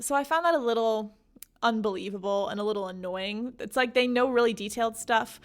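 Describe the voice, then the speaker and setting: A woman's voice: on the high side, a little fast. A woman hosting a podcast, recapping a book in a casual, giggly way with lots of "like". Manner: chatty, giggly, heavy use of "like". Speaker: podcast host.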